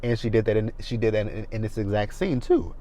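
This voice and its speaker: A man's voice: on the low side, expressive, brisk, warm tone, low-quality recording. Blunt, profane man recapping TV. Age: 30s. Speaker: reality TV reviewer. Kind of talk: casual TV recap commentary. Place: parked car.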